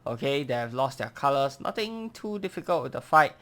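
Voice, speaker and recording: A man's voice: mid-range voice, fairly quick. A tired man giving casual, sarcastic gameplay commentary while playing and reading game dialogue aloud. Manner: relaxed, dry and sarcastic. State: tired, yawning.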